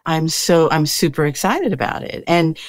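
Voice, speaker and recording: A woman with a somewhat low voice speaks in a reflective, conversational way, working out her thoughts aloud. The recording is dry. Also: expressive, normal speed, no echo. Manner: reflective, thinks out loud with restarts. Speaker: co-host. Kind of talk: casual conversation.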